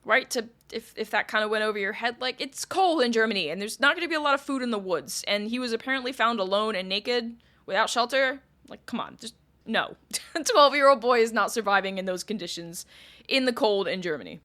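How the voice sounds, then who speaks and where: A woman's voice: fairly high pitch, expressive, fast talker, pushed and bright. A woman podcast host telling a history story in a casual, chatty way with wry asides.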